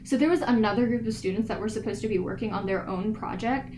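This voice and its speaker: A teenage girl, co-hosting a casual podcast, rattles off school stories in a fast, mid-range voice and acts out the people in them. The recording is rough, with slight background noise.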